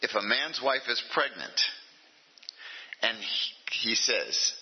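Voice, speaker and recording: A man's voice: medium pitch, animated, takes it slowly, slightly rough, highs cut off. An older man, a rabbi, giving an informal lecture to an adult class, talking conversationally and checking in with his listeners often. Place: meeting room with a class.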